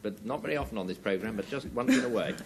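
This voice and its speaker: A man hosting a television panel game, brisk and wry as he hands turns to the players. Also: on the low side, a little hiss or hum. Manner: wry and brisk, with a lilting delivery. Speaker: quiz host. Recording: 1970s TV studio with audience. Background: studio audience.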